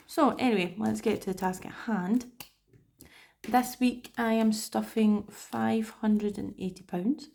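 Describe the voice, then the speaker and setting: Woman, British accent, budgeting vlogger, casual and rambling, self-mocking, mid pitch, gravelly fry. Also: a little mellow. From United Kingdom. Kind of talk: casual chat to camera.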